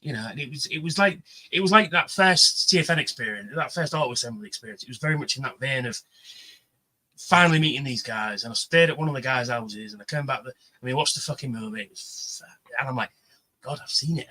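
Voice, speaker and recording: A man telling an animated story on a livestream panel, swearing freely and acting out the voices of the people he quotes. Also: mid-range voice, poor audio. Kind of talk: casual chat, storytelling.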